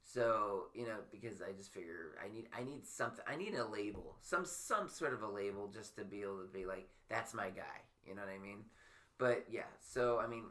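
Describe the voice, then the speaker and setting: A man hosting a podcast in casual chat, rambling and stammering, quick to poke fun at himself. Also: on the low side, a bit bright. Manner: rambling, stammering, self-deprecating. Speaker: podcast host.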